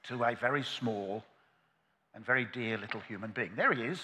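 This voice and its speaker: An older man preaching a sermon at a convention, earnest and moving between loud climaxes and hushed quiet. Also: mid-range voice, moderate pace, slightly rough, in a large hall. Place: large convention hall.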